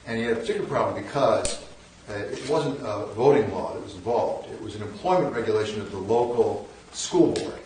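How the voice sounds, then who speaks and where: An older man tells self-deprecating stories at a lecture, his somewhat low voice full of wry asides and little restarts. He sounds a little off-mic, carried across a large, booming hall. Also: lively intonation, a little fast, a little mellow, a little hiss or hum. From northern United States. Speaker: guest lecturer. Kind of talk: storytelling lecture. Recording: echoey hall, mic at a distance.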